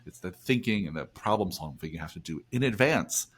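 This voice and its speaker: A man's voice: low voice, lively intonation, fairly quick, slightly rough. A man from New Jersey hosting a business podcast, chatty and upbeat, often restarting phrases as he talks. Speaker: podcast host. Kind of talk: casual podcast conversation.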